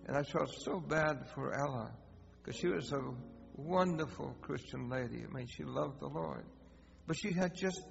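A man pastor preaching a storytelling sermon, animated and acting out conversations. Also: a little high, vocal fry. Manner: animated, acts out dialogue. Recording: long hall reverb, dull sound, guitar music behind.

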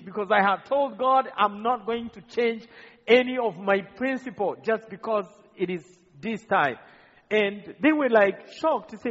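A man preaching a testimony sermon, impassioned and building to near shouts at its peaks. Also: high voice, expressive, normal speed. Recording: muffled audio with long hall reverb.

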